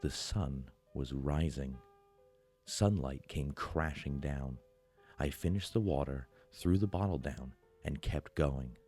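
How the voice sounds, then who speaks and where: A man with an extremely low, dark voice reads a horror story in a slow, measured way, pausing for effect. Faint music runs under the narration. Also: husky. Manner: slow, measured, dramatic pauses.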